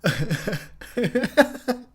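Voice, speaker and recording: A commentary host who has had a few drinks rambles profanely through a movie, laughing at his own jokes again and again. His high, breathy voice is very animated, and his delivery is extremely slow.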